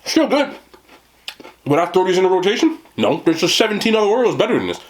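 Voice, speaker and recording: A man's voice: sits high, big pitch swings, quick pace. A man with a New Jersey accent doing a casual food review, blunt, profane and joking.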